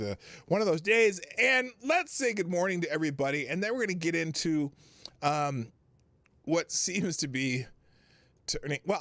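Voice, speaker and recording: A man's voice: medium pitch, fairly bright tone, dry recording. Rambling middle-aged male livestream host. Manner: rambling, exasperated storytelling. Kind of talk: casual live-show chat.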